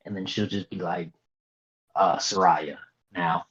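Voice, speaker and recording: A young man with a fairly low voice co-hosts a wrestling podcast in a dry, mocking tone. His audio sounds dull and lo-fi. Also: fairly even intonation, measured pace, a bit bright. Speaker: podcast co-host. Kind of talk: casual wrestling review chat.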